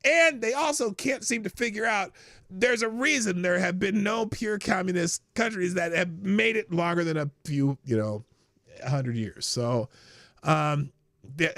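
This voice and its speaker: A man's voice: a little slow, creaky, no room sound, clean studio sound. A man hosting a live stream, reading viewer questions and answering them in a blunt, profane, joking way, often laughing at himself. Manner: profane, blunt, laughs at his own jokes, swings from low mutter to loud outbursts. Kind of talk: casual unscripted chat.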